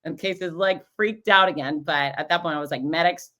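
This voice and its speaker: Female host with a low voice, chatty and lively, acts out the people in her stories. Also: brisk. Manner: animated, acts out quoted voices. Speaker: podcast host and race announcer. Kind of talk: casual storytelling recap.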